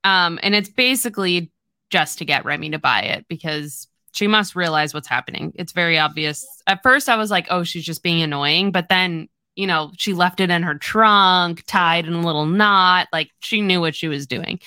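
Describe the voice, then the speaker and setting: A woman's voice: fairly low pitch, normal speed, bright, forceful tone, smooth, no echo, studio quality. A woman co-hosting a book podcast, chatting casually and retelling scenes with lots of "like" and acted-out lines. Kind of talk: casual chat.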